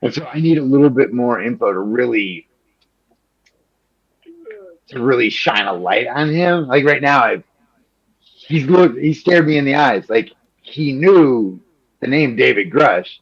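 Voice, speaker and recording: A man from Chicago, a journalist answering interview questions in an animated, quick way, full of "like" and little acted-out quotes. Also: medium pitch, slightly rough. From Chicago, Illinois. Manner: animated, quick, peppered with "like", acts out quoted politicians. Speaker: journalist guest. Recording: slightly muffled lo-fi audio.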